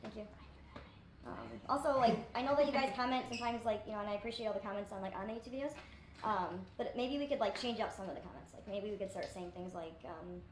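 A woman's voice: mid-range voice, quick pace, a little hiss or hum. A woman YouTuber chatting casually on her vlog, rambling and self-deprecating, full of fillers. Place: indoors in a rented place with friends. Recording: echoey room.

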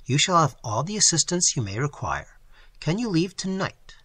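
A man reading the part of a calm, amused older male zoo professor with a dry, gently teasing manner. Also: on the high side, moderate pace, husky, no echo, pitched above the performer's own voice, heavily acted. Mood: placid, amused. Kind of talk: audiobook character reading.

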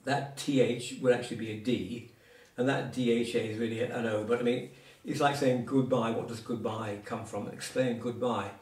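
A man's voice: medium pitch, steady tone, moderate pace, few pauses. A man teaching Cornish words in a one-on-one lesson, explaining patiently with asides and examples. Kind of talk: informal one-on-one language lesson. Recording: roomy sound from a distance.

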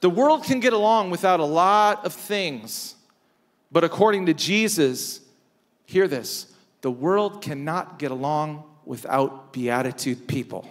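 High-voiced preacher in a reverberant church. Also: male voice, lively intonation. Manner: preaching with emphatic repetition and dramatic pauses. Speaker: pastor. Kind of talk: sermon. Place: large church hall.

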